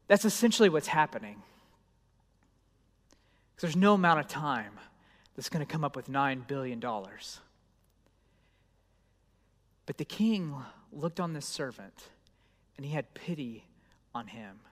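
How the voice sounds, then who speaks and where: A man preaching a sermon, telling a story in a conversational voice that swings between loud and hushed. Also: fairly high pitch, animated, moderate pace, long pauses, big-room sound. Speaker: pastor.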